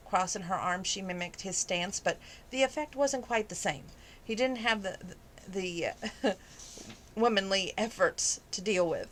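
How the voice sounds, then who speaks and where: A woman's voice: medium pitch, fairly even intonation, normal speed, a bit bright. Woman, hobby reader, romance novel, plain reading voice, casual asides. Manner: casual asides with fillers and laughs between passages. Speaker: amateur audiobook reader.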